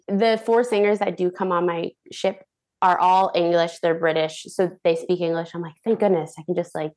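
A young woman, a professional dancer and guest on the show, telling stories in a chatty, animated way full of "like". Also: lowish voice, moderate pace. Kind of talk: casual storytelling interview.

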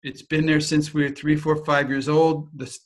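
A man gives a teaching talk in an animated, storytelling manner, swearing casually as he goes. His voice sits a little above the usual male pitch. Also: normal speed. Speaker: teacher of personal transformation. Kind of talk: teaching talk with personal anecdote.

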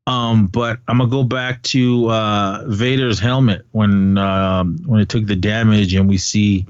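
A man's voice: lowish voice, fairly even intonation, unhurried, darkish tone, clean tone, no room sound. A man in his forties co-hosting a casual fan chat, enthusiastic and rambling with many fillers. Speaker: podcast co-host. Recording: dull dry sound.

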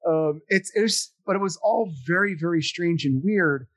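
A man's voice: high voice, normal speed. Chatty man rambling through a story. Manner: rambling, animated, self-deprecating, with many fillers. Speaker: podcast guest telling stories. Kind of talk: casual storytelling chat.

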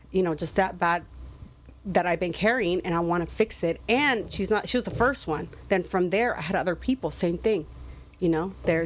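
Low-voiced woman explaining credit earnestly. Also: a little hiss or hum. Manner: earnest, explanatory, laughs easily. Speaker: guest, credit repair business owner. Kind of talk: casual interview chat.

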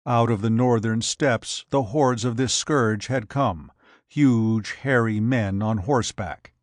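A man narrating an adventure story in a measured, even reading. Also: mid-range voice, no echo. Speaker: audiobook narrator.

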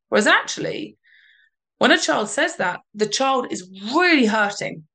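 Woman coach with a gravelly edge. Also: a little high, fairly quick. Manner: explains calmly in short phrases, emphatic repeats. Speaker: parenting coach. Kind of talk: podcast interview, advice.

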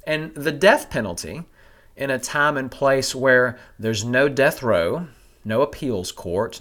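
Lively-voiced man teaching scripture. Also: mid-range voice. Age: adult with a family. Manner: measured and explanatory, with rhetorical questions. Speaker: Bible teacher.

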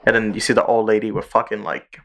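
A man with a slightly low voice hosts a podcast in easygoing chat. He walks through a show's plot in a loose, rambling way, peppered with profanity. He sounds relaxed and conversational. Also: fast, gravelly. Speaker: podcast host. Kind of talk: casual chat.

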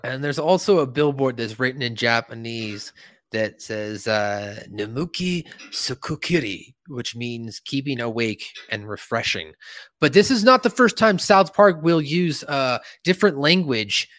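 A man hosting a podcast in casual chat, recapping an episode in an animated way. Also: a little slow, no echo. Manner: animated episode recapping with lively pitch swings. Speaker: podcast host.

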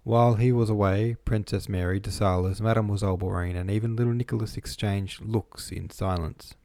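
A man narrating an audiobook in a measured, even reading voice, recorded close to the microphone. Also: fairly low pitch, no echo.

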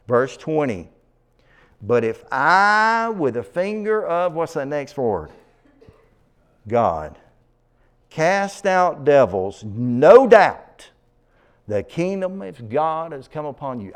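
A man's voice: mid-range voice, darkish tone. A man preaching an expository sermon, reading scripture aloud with rising emphasis and breaking off to explain the verses. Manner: asks the listeners to turn to passages.

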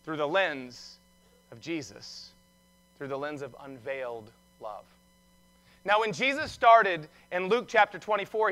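A man's voice: sits high, pushed and bright, clean tone. A male pastor preaching an Easter sermon who tells the story in a conversational way, with humor and questions to the congregation.

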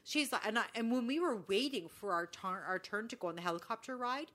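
A woman's voice: a little high, fairly quick, fairly bright tone. A woman co-hosting a podcast, chatting casually and acting out quoted dialogue as she tells a story. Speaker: podcast co-host. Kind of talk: casual chat.

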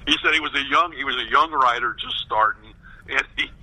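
Bright-voiced man telling rambling stories. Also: mid-range voice, brisk, low-quality recording. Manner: rambling anecdotes with many fillers. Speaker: former baseball player, radio pregame host. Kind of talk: casual storytelling interview.

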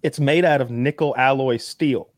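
A man's voice: medium pitch, moderate pace, no echo. A casual male podcaster, rambling storyteller, mid-range voice, dry recording. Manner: rambling storyteller, many restarts and fillers. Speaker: podcast co-host. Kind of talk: casual chat.

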